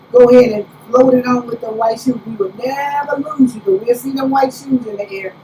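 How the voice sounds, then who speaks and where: A woman apostle preaching a conversational sermon, telling stories with lively preacherly exclamations. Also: sits high. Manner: animated storytelling, preacherly exclamations. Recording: roomy, distant, faint background hiss.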